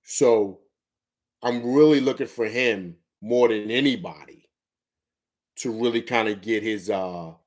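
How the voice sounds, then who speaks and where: A man's voice: lowish voice, unhurried, a little mellow. A man from Harlem, New York, hosting a casual live sports talk show. He talks emphatically, repeats phrases for effect and slips into a coaching tone.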